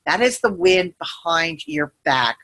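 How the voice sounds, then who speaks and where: A woman leading a guided visualization with casual asides, speaking in a gentle, meandering, soothing way. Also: lowish voice, animated, unhurried. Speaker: meditation guide.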